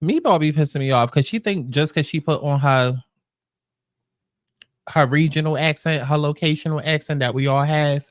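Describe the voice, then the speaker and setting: A man's voice: a little high, moderate pace, no echo, clean studio sound. A man with a New York accent hosting casual commentary, blunt and swearing freely. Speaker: commentary host.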